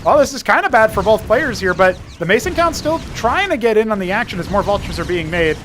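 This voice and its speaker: A man casting a strategy-game match live, mixing quick play-by-play with rambling trivia asides. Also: sits high, very animated, noisy background. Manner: chatty play-by-play that wanders into trivia. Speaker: esports caster and show host.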